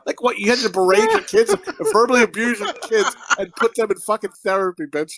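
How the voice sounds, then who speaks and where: A man's voice: high voice, big pitch swings, quick pace, few pauses, a bit bright. A man from Connecticut hosting a podcast in casual, profane, rambling banter. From Connecticut, USA. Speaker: podcast host.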